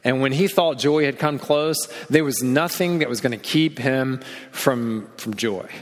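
A man in his thirties preaching a sermon as a pastor, telling stories with animation and dropping low and quiet to stress a point. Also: measured pace. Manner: animated storytelling, drops low and quiet for emphasis. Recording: long hall reverb.

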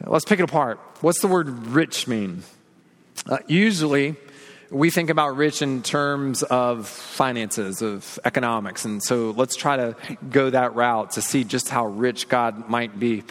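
A man's voice: medium pitch, a little slow, fairly bright tone, big-room sound. A man preaching an earnest, confessional sermon, leaning on repeated phrases and rhetorical questions. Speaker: pastor.

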